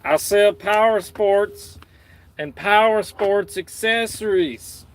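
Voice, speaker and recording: A man voicing a hokey Southern small-town salesman in a put-on accent, drawing out his words like a local ad. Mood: folksy pitch. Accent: put-on American Southern. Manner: drawn-out, folksy ad-pitch delivery.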